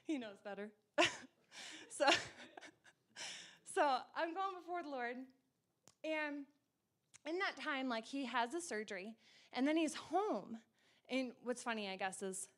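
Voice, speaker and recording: A woman with a high voice tells her story in a loose, chatty way. She laughs a lot and jumps up into excited bursts when she quotes herself or others. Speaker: guest sharing her testimony. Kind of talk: casual personal storytelling.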